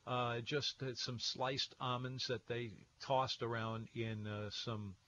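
A man hosting a radio call-in show, talking in a relaxed way with plenty of pauses and fillers. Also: medium pitch, dull audio. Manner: relaxed, hesitant with many fillers.

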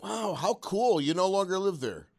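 A man's voice: high-pitched, animated, normal speed, creaky, a little mellow. A man hosting a call-in radio show, musing wryly and asking probing questions of callers. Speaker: radio talk show host.

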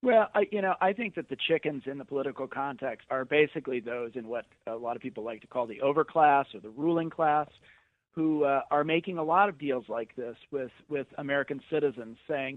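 A man speaks as a guest commentator on a radio show, animated and storytelling, slipping into mocking voices. His fairly high voice comes through a tinny, dry phone line. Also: brisk, dry recording.

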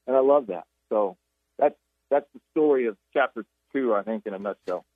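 A man speaks as a radio guest, retelling Bible stories with animated storytelling and frequent restarts. His voice comes over a tinny phone line that is dry and close. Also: medium pitch, normal speed, no echo. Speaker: author and guest. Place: Jacksonville.

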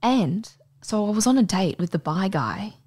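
A woman's voice: medium pitch, moderate pace. A young adult woman with an Australian accent, co-hosting a podcast in casual chat, telling stories bluntly with plenty of swearing. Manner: blunt, sweary, animated storyteller. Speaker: podcast co-host.

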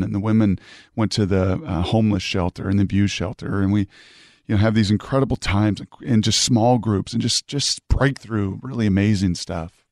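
A middle-aged man from Washington State hosting an interview, telling stories in an animated, emphatic way. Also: on the low side, dry recording, studio quality. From Puyallup, Washington, USA. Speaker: host. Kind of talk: conversational storytelling interview.

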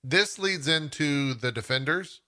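A man's voice: on the high side, animated, measured pace, bright, forceful tone. A man co-hosting a podcast in casual chat, eagerly explaining and restarting his sentences. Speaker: podcast co-host.

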